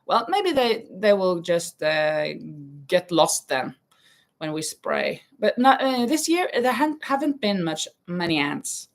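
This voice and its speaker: A woman's voice: lowish voice, very animated, slow pace. A woman hosting a casual live stream, chatting while she crochets, reading viewer comments aloud and laughing often. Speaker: livestream host. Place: home in Spain.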